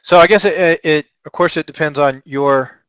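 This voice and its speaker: A man's voice: a little high, moderate pace, fairly bright tone, clean tone, no echo. A man from Texas hosting a live trading lesson, thinking aloud in a chatty, joking and self-deprecating way with rambling asides. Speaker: trading webinar host.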